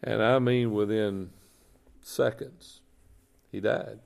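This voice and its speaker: A man's voice: on the low side, steady tone, takes it slowly, vocal fry, a little mellow. A middle-aged man, a chaplain telling an earnest, folksy faith story and repeating his points. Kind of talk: testimony storytelling on a talk show.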